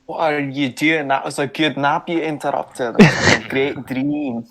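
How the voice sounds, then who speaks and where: A man voicing a groggy adult man just woken from a nap, grumbling in a put-on accent with a gravelly voice. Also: fairly high pitch, sing-song, normal speed, a bit bright, full character voice. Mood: grumpy, drowsy.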